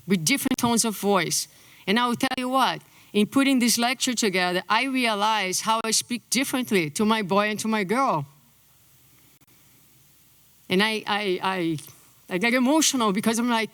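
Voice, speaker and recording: A middle-aged woman from Brazil, a native Portuguese speaker with a Brazilian accent, giving a conference lecture in an animated way. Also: on the high side, measured pace, dry recording. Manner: animated, acts out quotes in a lifted voice.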